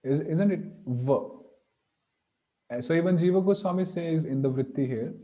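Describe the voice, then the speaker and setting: A man's voice: fairly high pitch, moderate pace, dark tone, low-quality recording. A man teaching Sanskrit pronunciation, patiently sounding out each letter aloud. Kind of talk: online class explanation.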